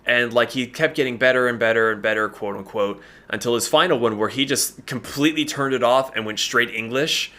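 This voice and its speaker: A man's voice: mid-range voice, brisk, hardly any pauses, sharp tone. A man hosting a casual chat podcast, talking in a laid-back, rambling way and laughing often. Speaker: podcast host.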